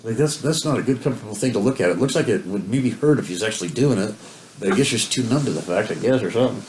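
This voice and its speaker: A man's voice: fairly low pitch, expressive, very fast, darkish tone. A man telling rambling stories in casual chat and swearing constantly as co-host. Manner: rambling storytelling, heavy swearing. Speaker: co-host of a couple's video talk. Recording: roomy echo with faint hiss.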